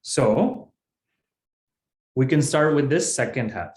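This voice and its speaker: A man teaching an online class, explaining patiently and one step at a time. He talks slowly at a middle pitch. His voice rings in a noticeably echoey room. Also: animated, a little mellow. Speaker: Sanskrit teacher.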